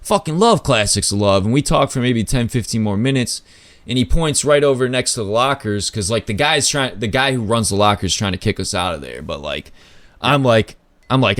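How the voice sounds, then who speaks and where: A man's voice: lively intonation, fairly quick, a bit bright, no room sound. Laid-back man telling a story. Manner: loose, filler-heavy talk with lots of "like" and swearing; acts out quoted people with jumps in pitch. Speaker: podcast host. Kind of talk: casual storytelling.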